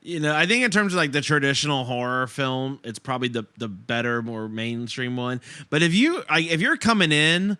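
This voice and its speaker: A man's voice: medium pitch, animated, brisk, few pauses, pushed and bright, clear, resonant tone, no room sound. A man co-hosting a podcast, trading wry, sarcastic remarks in a casual movie-review chat. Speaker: podcast co-host.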